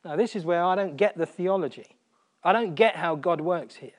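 A man preaching a sermon, earnest, repeating phrases for emphasis and dropping almost to a whisper on quiet points. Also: high voice, moderate pace.

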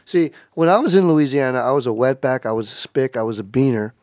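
A man as a podcast guest in casual chat, telling stories in a profane, animated way. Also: medium pitch, fast, no room sound, studio quality.

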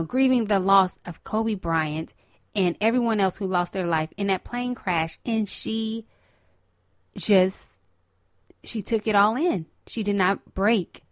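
A woman's voice: medium pitch, slow, dry recording, studio quality. A woman hosting her own podcast, chatting alone in an emotional, earnest way and repeating phrases for emphasis. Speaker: podcast host. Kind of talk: solo casual chat.

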